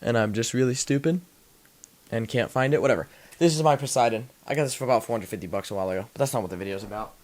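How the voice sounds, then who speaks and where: A man's voice: mid-range voice, racing. A young man hosting a casual tech unboxing vlog, rambling and self-deprecating with many restarts, a little out of breath. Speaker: tech channel host.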